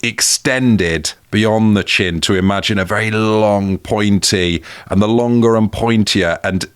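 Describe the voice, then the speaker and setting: A man's voice: on the low side, unhurried, clean tone, no room sound, clean studio sound. An English man co-hosting a podcast, telling a history tale in casual, jokey chat and laughing often. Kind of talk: casual comedic chat and storytelling.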